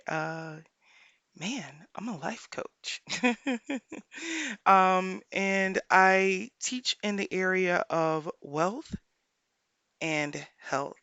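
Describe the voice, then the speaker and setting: Woman life coach talking solo on her podcast, gravelly but smooth voice, dry close sound, says things twice to drive them home. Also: on the low side, fairly bright tone, dry recording. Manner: earnest, repeats points for emphasis; pauses often, thinks aloud with fillers.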